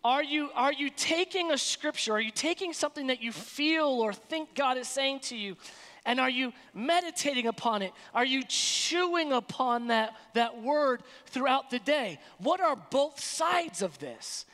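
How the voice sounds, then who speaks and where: A woman's voice: high voice, animated, unhurried, fairly bright tone, in a large hall. A woman pastor giving a sermon in an emphatic, colloquial preaching manner, recorded in a church sanctuary.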